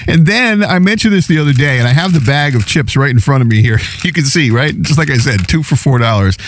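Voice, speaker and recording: Chatty man tasting snacks on air. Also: dry recording. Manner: chatty, laughs often, lively pitch swings. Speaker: show host. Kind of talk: casual chat to listeners.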